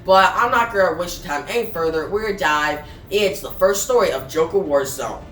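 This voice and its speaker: A man's voice: high-pitched, brisk, sharp tone, slight background noise. Man, casual comic book reviewer, chatty with viewers, roomy echo, distant from the mic. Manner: chatty, addresses viewers as guys. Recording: echoey room, distant mic, faint music.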